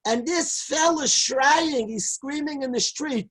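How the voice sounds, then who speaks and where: A man, a rabbi, telling a Talmud story as a lively lecture. He quotes each line in Hebrew and Aramaic and then translates it. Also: very high voice, unhurried, poor audio. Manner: lively storyteller who shouts out the characters' lines. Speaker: rabbi teaching a Talmud class. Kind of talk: animated Torah lecture storytelling.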